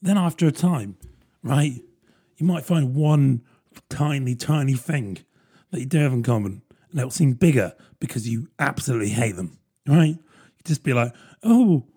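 A man's voice: mid-range voice, animated, normal speed, mellow, husky. A man, rambling through a casual solo podcast with plenty of fillers and self-deprecating asides. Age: 30s. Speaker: podcast host.

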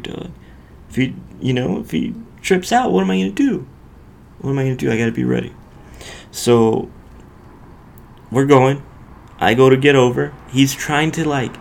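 Animated, gravelly podcast host. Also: male voice, mid-range voice, a little hiss or hum. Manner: animated, profane, streetwise slang. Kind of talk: casual storytelling.

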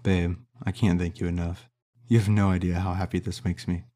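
A man's voice: low-pitched, flat delivery, a little fast, mellow, natural voice. A man reading an earnest, torn young lover. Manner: earnest, confessional.

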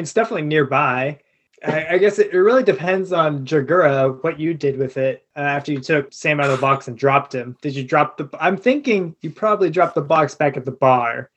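A man's voice: a little high, moderate pace, fairly bright tone, slightly rough, highs cut off. A man narrating as game master of a tabletop game, laid-back and chuckling, with many filler words. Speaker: tavern master.

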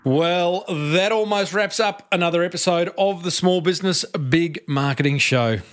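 A man's voice: sits high, normal speed, fairly bright tone. A middle-aged man hosting a podcast, giving marketing tips in an upbeat, direct way and calling listeners team. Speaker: podcast host. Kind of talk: solo marketing tips segment.

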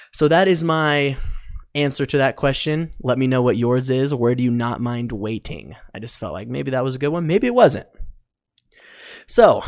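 A man's voice: mid-range voice, dry recording, studio quality. Rambling young man hosting a podcast. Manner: rambling, loose, with many ums and likes. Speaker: podcast host. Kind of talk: casual solo podcast monologue.

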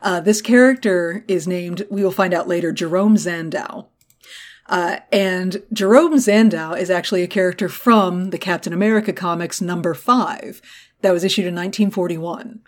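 Animated woman recapping a TV episode. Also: fairly low pitch, normal speed. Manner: animated, swears freely, acts out quotes. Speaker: podcast co-host.

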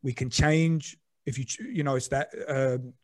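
A man's voice: mid-range voice, steady tone, measured pace, dry recording. Man, casual podcast talk, reflective, swears casually, lots of fillers, dry close recording.

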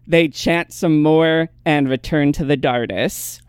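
Unhurried, smooth-voiced podcast recapper. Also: medium pitch, no echo, clean studio sound. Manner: laughs often, narrates the plot step by step. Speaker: podcast co-host recapping episodes. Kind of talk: casual recap chat.

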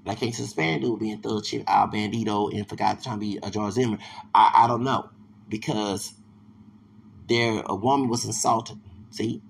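A man's voice: fairly low pitch, fairly even intonation, normal speed, vocal fry, a little hiss or hum. A man hosting a solo podcast, rambling and digressive, with many restarts and asides. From Texas. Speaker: podcast host.

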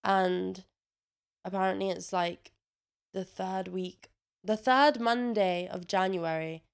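Chatty young woman with a smooth, clear voice. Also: mid-range voice, fairly even intonation, slow. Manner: chatty, swears casually, says "like" a lot. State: a bit congested. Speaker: vlogger. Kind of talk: casual chatty vlog. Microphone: own microphone with a noise gate.

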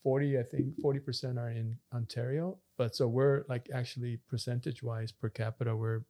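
A man's voice: medium pitch, fairly even intonation, a little fast, warm tone. A man, a pastor co-hosting a podcast, telling stories in a loose, rambling way with many fillers and restarts. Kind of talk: casual chat.

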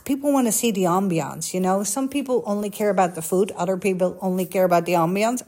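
Talking to the camera loosely and confessionally, a social media coach hops from one personal story to the next. Her mid-pitched, slightly mellow voice runs fast with hardly any pauses, candid and chatty, and she acts out the people she quotes.

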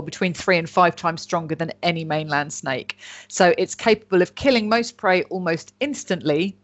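A woman, casually telling a story on a chatty podcast and joking and swearing as she goes. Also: fairly low pitch. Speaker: podcast host. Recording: dull lo-fi sound.

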